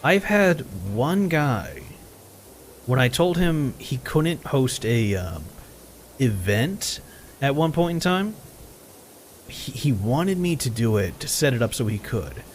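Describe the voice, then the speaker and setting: A man streaming and casually telling stories while he plays, blunt and animated, often laughing. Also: medium pitch, takes it slowly, slight background noise. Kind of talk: casual storytelling while gaming.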